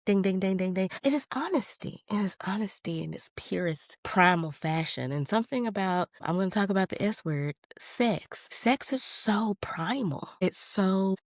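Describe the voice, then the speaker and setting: A woman podcast host, chatting casually while she recovers from the flu, playful and slangy with animated jumps in her voice. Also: medium pitch, normal speed, hardly any pauses, no echo, studio quality. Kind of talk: casual chat.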